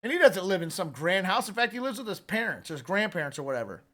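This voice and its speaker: A man with a high, bright, forceful voice rants through political commentary. He sounds fired up and talks casually, straight to his listeners, like he's calling out to a buddy. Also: sing-song, fast talker. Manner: fired-up, ranting delivery; conversational, addresses listeners directly with "man".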